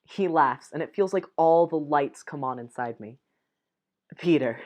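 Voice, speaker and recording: A woman's voice: sits low, unhurried. A young woman reading a dating game's text and dialogue aloud, breaking off for giggly asides. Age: young adult. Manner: reads lines softly, breaks off with giggly asides.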